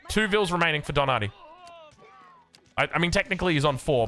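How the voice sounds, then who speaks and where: A young Australian man casting a strategy video game match, getting excited and rising in pitch as the action picks up. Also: quick pace, long pauses. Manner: excitable, rises sharply when action picks up. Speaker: game caster. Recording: faint music behind.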